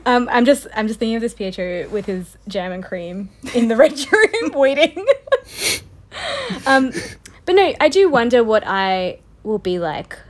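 A woman's voice: fairly high pitch, unhurried, pauses often. A young woman, a medical student co-hosting a casual chat, laughing often as she tells stories. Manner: laughs often, animated storytelling.

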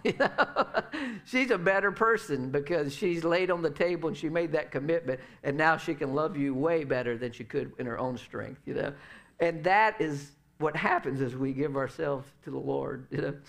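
A man's voice: fairly high pitch, fairly bright tone. A middle-aged male pastor preaching a sermon in a loose, conversational way, peppering his lines with "you know" and "uh.".

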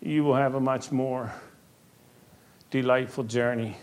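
An older man, a Christian minister, telling stories and teaching in a conversational way, earnest and quick to laugh, slowing down for emphasis. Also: medium pitch, steady tone, a little mellow. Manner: earnest storytelling, laughs easily, slows for emphasis. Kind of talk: conversational faith talk.

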